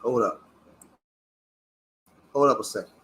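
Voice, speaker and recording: A man's voice: medium pitch, measured pace, a bit bright. A man from Philadelphia giving a passionate, preachy reaction commentary, swearing as he talks. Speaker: online commentator.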